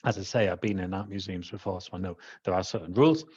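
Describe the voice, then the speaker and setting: Man, Welsh accent, lowish voice, animated storytelling, dull lo-fi sound. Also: fast, husky. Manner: animated, acts out the people he quotes. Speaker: trainer. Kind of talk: personal storytelling monologue. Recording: dull lo-fi recording.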